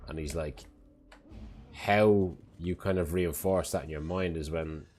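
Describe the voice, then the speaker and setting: A man's voice: low-pitched, steady tone, a little slow, a little mellow. A man chatting casually on a live stream, rambling and swearing freely, often sounding exasperated. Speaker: parent.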